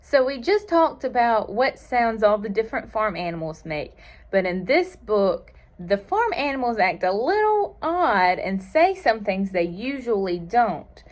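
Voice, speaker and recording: Slow-talking woman leading children's storytime. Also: a little high, sing-song. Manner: cheerful, speaks to small children, invites answers.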